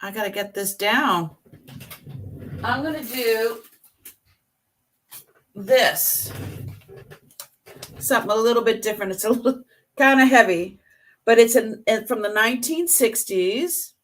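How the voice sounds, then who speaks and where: A woman presents vintage items on a live selling stream, chatty and detailed. She talks slowly in a somewhat high voice.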